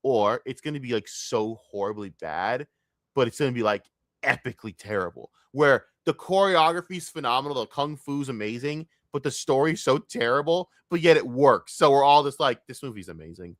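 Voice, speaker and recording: A man ranting in a casual, profane stream rant, jumping from loud outbursts to low grumbling. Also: a little fast, no echo, studio quality. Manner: profane, excitable, swings between loud outbursts and mutters.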